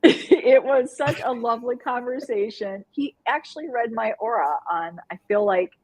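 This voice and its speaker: Breathy woman co-hosting a live chat. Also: a little high, moderate pace, low-quality recording. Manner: animated, laughing, rambling. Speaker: co-host. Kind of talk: casual live-stream chat.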